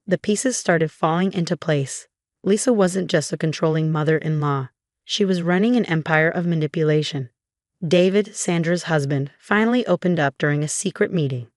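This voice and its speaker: A woman reading a dramatic first-person revenge story as a scripted narration, measured and even. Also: low voice, no room sound, studio quality.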